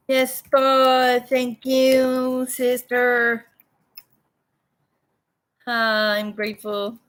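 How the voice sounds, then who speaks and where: A woman's voice: fairly high pitch, fairly even intonation, slow, fairly bright tone. A woman chatting casually with viewers on a home livestream, greeting them and drifting from topic to topic. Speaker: livestream vlogger. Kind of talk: casual live chat.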